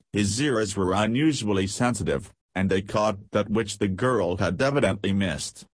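A man calmly narrating a novel as an audiobook reader, close to the mic. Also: lowish voice, husky, no room sound.

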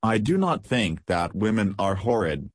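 Storybook army officer, late twenties, grave and sober, low husky voice, dry sound, read by a man. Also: sing-song, measured pace, dry recording, heavily acted. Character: stern, fair-minded young army officer.

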